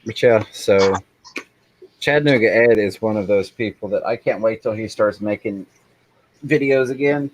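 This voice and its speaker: A man hosting a live stream in casual chat, chatty and quick to laugh, with apologetic little asides. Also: lowish voice, low-quality recording.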